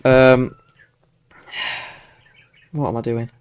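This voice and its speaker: A weather channel host from Yorkshire, England, speaks with a mild accent on a live forecast stream, rambling and chatting with plenty of fillers and restarts. His medium-pitched delivery is flat, words drawn out, with a clean tone and no room sound.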